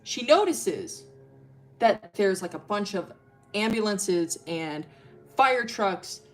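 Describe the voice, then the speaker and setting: A woman's voice: mid-range voice, animated, slow, faint music behind. Giggly young woman telling a story. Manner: giggly, rambling, lots of fillers. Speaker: streamer. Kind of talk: casual storytelling on a stream.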